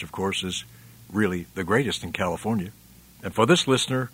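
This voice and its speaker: A man hosting a commentary program, reading out listener replies in a measured, emphatic way and chuckling often. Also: medium pitch, fairly bright tone, no echo. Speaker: radio commentary host.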